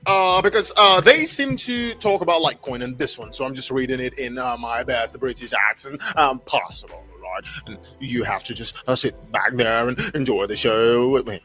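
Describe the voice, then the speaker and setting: A man hosting a casual livestream, reading an article aloud haltingly and breaking off to react and greet his chat. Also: medium pitch, sharp tone, soft background music. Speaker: livestream host.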